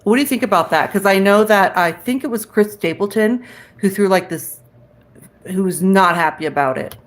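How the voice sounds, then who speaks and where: Hosting a laid-back livestream, this woman talks at a moderate pace in a mid-range voice. Her frank banter with viewers includes reading and answering their comments aloud, with occasional swearing.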